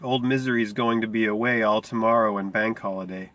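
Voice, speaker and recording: A man reading aloud as a quiet, intense teenage gang member, in a low, measured, brooding delivery. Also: flat delivery, no room sound, lightly acted.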